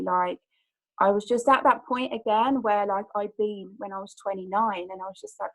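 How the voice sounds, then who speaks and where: A woman's voice: mid-range voice, steady tone, moderate pace, low-quality recording. A woman in her thirties, a personal trainer telling her own story on a group call, rambling with lots of "like"s and restarts.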